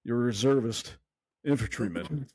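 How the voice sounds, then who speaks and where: Male podcast host, mid-pitch, brief prompting questions. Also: lively intonation, normal speed, darkish tone. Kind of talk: casual interview.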